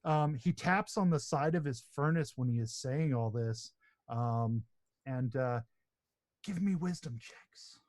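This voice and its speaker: A man serves as game master for a tabletop game, narrating in a relaxed, hesitant way full of fillers. His pitch is medium and his pace a little slow.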